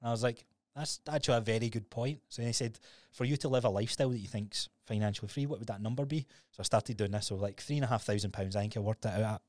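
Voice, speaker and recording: A man's voice: on the low side, fast, darkish tone, no room sound. A Scottish man in his thirties co-hosting a podcast, telling his story in a candid, sweary, casual way. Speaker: podcast co-host.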